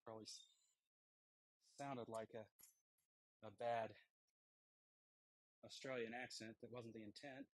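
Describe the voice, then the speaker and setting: A man's voice: medium pitch, fairly even intonation, dry recording, low-quality recording. Chatty man thinking aloud while forging. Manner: rambling, thinking aloud between tasks, halting with fillers. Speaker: blacksmith livestream host. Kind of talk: casual chat while forging. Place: smithy workshop. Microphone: wireless transmitter mic.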